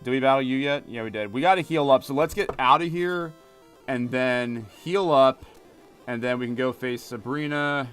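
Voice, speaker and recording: A man's voice: mid-range voice, normal speed, a bit bright, smooth, soft background music. A young man with a Philadelphia accent, chatting casually with viewers while playing a game, rambling with lots of fillers and restarts. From Philadelphia area, United States. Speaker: gaming streamer. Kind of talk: casual live-stream chat while playing.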